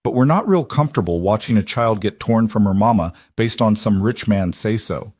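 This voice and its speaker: Brief: man playing a steady old cowhand, low and calm. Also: normal speed, dry recording, clean studio sound. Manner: calm, drawling, authoritative. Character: weathered old ranch hand, calm.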